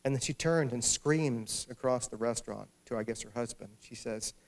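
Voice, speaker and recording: Gravelly man telling a story. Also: medium pitch, moderate pace. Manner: storytelling with humor. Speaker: author speaking at a library event. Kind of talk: public talk with anecdote. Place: public library hall.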